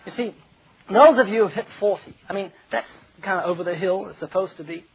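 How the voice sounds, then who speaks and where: A man's voice: sits high, fairly quick, breathy edge, rough recording. A man preaching a humorous sermon, telling stories and acting out the quoted voices of others. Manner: jokey, storytelling, acts out quoted voices.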